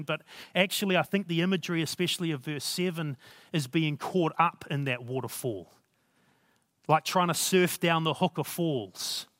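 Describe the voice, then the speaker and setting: A man's voice: on the high side, fairly bright tone, dry recording, clean studio sound. A man preaching a sermon in an earnest, conversational way, reading scripture aloud and reflecting on it.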